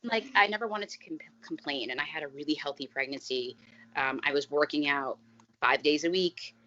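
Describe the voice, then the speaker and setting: Low-voiced chatty woman in her thirties. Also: normal speed, bright, forceful tone. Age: 30s. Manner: candid, chatty, laughs often, many fillers. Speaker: podcast guest. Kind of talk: casual storytelling chat. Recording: dull lo-fi podcast audio.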